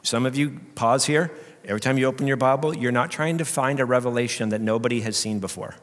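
A man's voice: medium pitch, fast. Man preaching in a reverberant hall. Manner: dynamic, swings from loud preaching to quiet emphasis. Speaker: pastor. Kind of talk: sermon.

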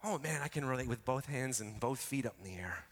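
A male pastor preaching a sermon with emphatic delivery, swinging between quiet asides and loud, rising lines. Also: medium pitch, animated, a little fast. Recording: reverberant hall.

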